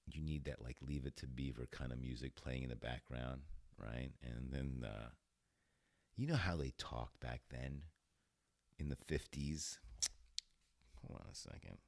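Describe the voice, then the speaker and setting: A man's voice: very deep voice, vocal fry, darkish tone, no room sound. A man hosting a podcast in a casual, rambling monologue, laughing often. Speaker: podcast host.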